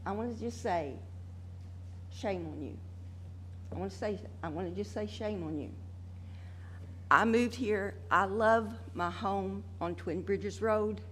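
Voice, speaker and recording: A woman's voice: mid-range voice, a little hiss or hum. An older woman, speaking angrily and emotionally as a resident during public comment at a meeting. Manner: angry, emotional, drawn-out pleading. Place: council meeting room.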